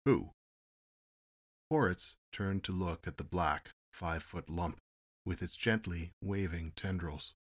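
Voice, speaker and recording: A man narrating an audiobook in a measured, steady storytelling manner. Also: low-pitched, dry recording, clean studio sound. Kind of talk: audiobook reading.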